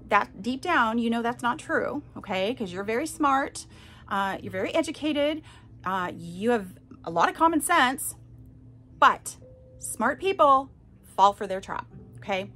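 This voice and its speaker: A woman's voice: a little high, lively intonation, measured pace, fairly bright tone. A woman hosting a podcast, telling her own story in a candid, emphatic way and turning often to her listeners to check in. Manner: candid and emphatic, addresses listeners directly with frequent "okay?". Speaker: podcast host. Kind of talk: personal testimony to listeners.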